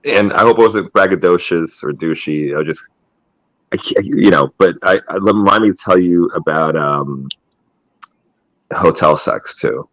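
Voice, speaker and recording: Deep, bright-toned comedian on a video call. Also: male voice, measured pace, dry recording, low-quality recording. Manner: rambling, crude joking. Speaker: guest comedian. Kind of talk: casual chat.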